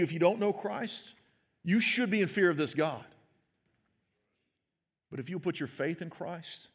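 A pastor preaching a sermon in a conversational way, asking his listeners "right?" and acting out the quoted words. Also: fairly high pitch. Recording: long hall reverb.

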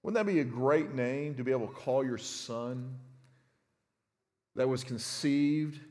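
A man's voice: mid-range voice, a little slow, a little mellow. Conversational pastor, man, in a reverberant hall. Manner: conversational, often restarts words and checks in with "right?". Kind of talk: expository sermon. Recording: long reverb of a large hall.

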